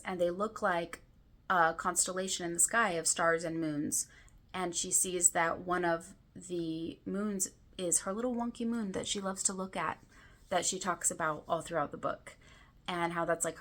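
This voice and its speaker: A woman's voice: mid-range voice, pushed and bright. A woman book vlogger casually retelling a novel's plot in a chatty way, with lots of "like" fillers. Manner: chatty storytelling with frequent "like" fillers.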